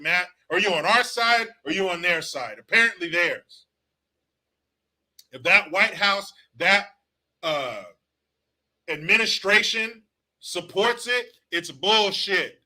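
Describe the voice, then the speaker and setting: A man's voice: high-pitched, bright, forceful tone. A man hosting his own political commentary show, ranting bluntly and sarcastically with plenty of profanity.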